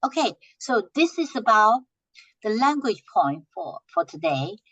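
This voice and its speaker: A woman's voice: medium pitch, very animated, fairly bright tone, husky. Patient woman teacher drilling phrases. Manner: patient, repeats phrases slowly for learners to echo. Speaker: Chinese language teacher. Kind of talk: classroom language drill.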